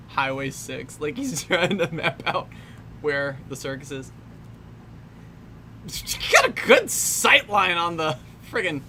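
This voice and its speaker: A woman's voice: on the low side, pushed and bright. A young woman giving casual, wry commentary over a film, laughing often and trailing off mid-sentence. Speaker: commentary host. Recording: faint background noise.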